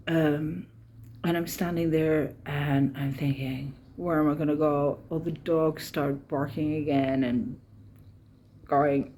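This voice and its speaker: Close to tears, a woman from Ireland tells the story of her pilgrimage walking day to camera, a casual travel vlog full of chatty storytelling and retold conversations. She speaks a little slowly in a low-pitched, warm voice, with a little hiss or hum in the background.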